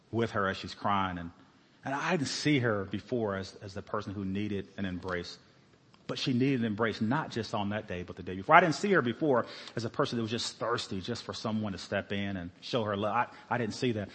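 Man, husky voice, earnest halting storytelling, sermon testimony, long church reverb. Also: lowish voice, fairly bright tone. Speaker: former police officer giving a sermon testimony. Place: church sanctuary.

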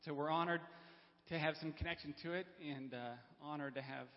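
A man telling personal stories to a church congregation, unprepared, with frequent restarts and throat clearing. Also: fairly high pitch, fairly even intonation, brisk, a little hiss or hum. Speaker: church member speaking to congregation. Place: church sanctuary. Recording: lo-fi with long hall reverb.

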